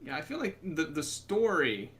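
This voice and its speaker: A man co-hosting a gaming podcast in casual chat, dropping dry, deadpan quips. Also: fairly high pitch, normal speed. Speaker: podcast co-host.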